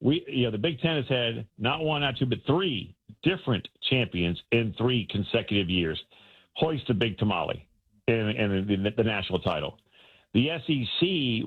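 A man's voice: on the low side, husky. A man co-hosting a sports radio show by phone, talking casually and with animation, often repeating words as he gets going. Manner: animated, colloquial, repeats words when excited. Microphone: phone line. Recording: phone-line call-in audio.

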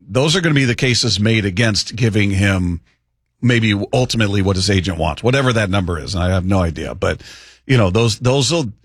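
A man co-hosting a sports talk show in casual chat, opinionated and animated as he argues through what a manager should do. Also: on the low side, fairly quick, husky, dry recording, clean studio sound. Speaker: sports radio co-host.

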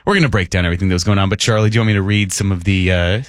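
A man hosting a morning sports radio show, talking quickly and casually and laughing often. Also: sits low, fairly even intonation, no echo, clean studio sound.

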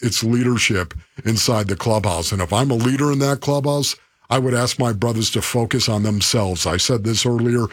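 A man's voice: medium pitch, no echo, clean studio sound. Emphatic sports radio co-host man. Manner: emphatic and repetitive, preacher-like.

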